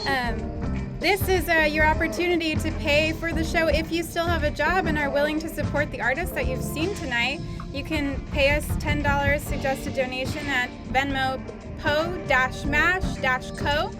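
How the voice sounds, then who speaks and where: Woman comedy host, slightly high voice, loose and giggly, heavy on the ums. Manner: rambling, lots of fillers and giggles. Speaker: host and producer of a comedy show. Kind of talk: casual livestream hosting.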